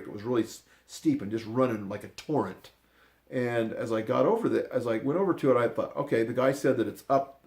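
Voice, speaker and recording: An older man telling a personal story in a rambling, unscripted way, often restarting his sentences and dropping into quiet asides. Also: medium pitch. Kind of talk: casual spoken storytelling.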